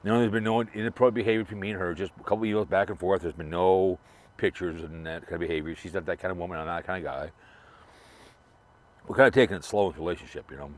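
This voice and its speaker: A vlogger drives and remembers a late fellow creator in a casual, rambling monologue, repeating himself and restarting a lot. He speaks low and quickly with fairly even intonation.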